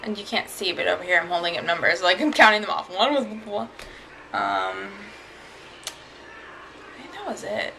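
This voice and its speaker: A woman's voice: fairly low pitch, big pitch swings, normal speed, creaky, pauses often, pushed and bright, a little hiss or hum, rough recording. A woman vlogging casually, chatty and rambling as she tells a story, often laughing. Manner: chatty, rambling, laughs while telling stories.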